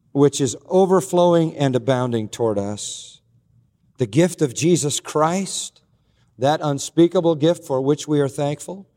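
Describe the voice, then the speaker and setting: A man's voice: a little high, a little mellow. Earnest preaching man in a hall. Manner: earnest preaching, slow emphatic lists. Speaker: pastor. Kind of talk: sermon.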